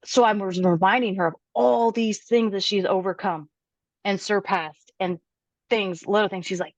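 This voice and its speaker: A woman personal trainer, a guest on a podcast, telling a client's story with animated quoting. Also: medium pitch, moderate pace, no room sound, muffled recording. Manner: animated, quotes her client's words aloud.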